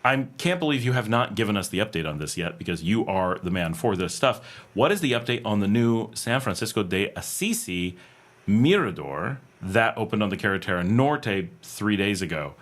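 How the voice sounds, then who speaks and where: His voice is on the low side, animated, and at a normal speed. This US livestream host reads viewer comments aloud from his air-conditioned home room and responds in a rambling, thinking-aloud way, restarting often and using lots of fillers.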